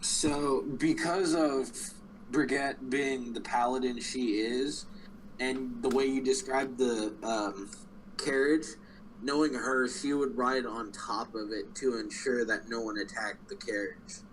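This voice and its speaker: A man playing a tabletop game, talking in a halting, hesitant way. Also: medium pitch, fairly even intonation, far from the mic, a little hiss or hum, low-quality recording. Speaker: player.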